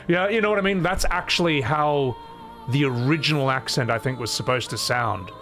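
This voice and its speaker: A man's voice: mid-range voice, moderate pace, a bit bright, soft background music. A man chatting casually on a live stream, opinionated and sweary, with frequent asides.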